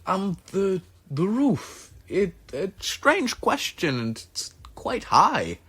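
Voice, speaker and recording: A man's voice: sits high, wildly swooping pitch, slow, a bit bright, slightly rough, voice pushed up, exaggerated voice. A man voicing a polite, old-fashioned male adventurer companion who talks hesitantly in a tabletop game. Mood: eager.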